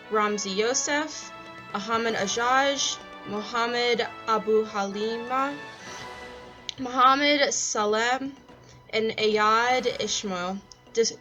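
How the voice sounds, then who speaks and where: A young woman anchoring a homemade news report, reading a script steadily and slowing carefully over names. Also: fairly high pitch, poor audio. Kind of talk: read mock news broadcast.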